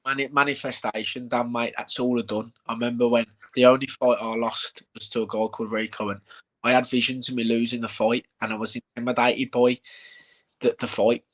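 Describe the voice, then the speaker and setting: A man chats casually on a live stream, at a middling pitch, as he talks about his own fights. He tells animated stories, swears freely and acts out what people said. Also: a little fast. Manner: animated storyteller, heavy swearing, acts out quotes. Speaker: bare-knuckle fighter.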